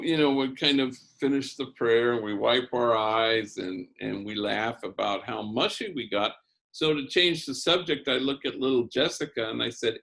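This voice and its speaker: A man's voice: medium pitch, vocal fry, pushed and bright. An older man, a priest, giving a keynote sermon as a conversational story with Spanish words sprinkled in.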